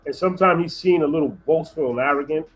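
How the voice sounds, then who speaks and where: Man, slightly higher voice, hesitant, restarts sentences, casual panel talk. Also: slight background noise, rough recording. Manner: hesitant, restarts often, measured opinions. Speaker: guest on a livestream panel. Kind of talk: casual discussion.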